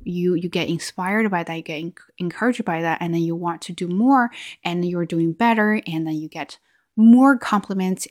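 A woman's voice: lowish voice, dry recording, clean studio sound. Reflective woman with a Chinese accent. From China. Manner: reflective, with frequent restarts and fillers. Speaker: video host. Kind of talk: casual vlog monologue.

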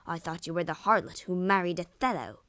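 A woman's voice: deep voice, takes it slowly, gravelly, darkish tone, no room sound, pitched below the performer's own voice, heavily acted. A woman voicing a jealous, furious male general who snarls and speaks with sarcasm. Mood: bitter slow.

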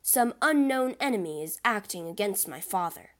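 A woman voicing an angry young nobleman who speaks loudly and indignantly. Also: medium pitch, expressive, moderate pace, close to an everyday voice. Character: hot-headed young nobleman defending his father.

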